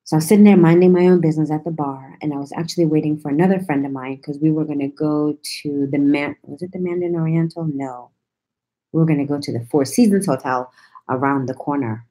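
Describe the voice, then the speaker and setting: Sassy, chatty woman with a lowish voice. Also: steady tone, fast, mellow. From New York, USA. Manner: sassy, teasing and profane; chatty, answers viewer comments. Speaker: vlogger talking to viewers. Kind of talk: casual storytelling chat.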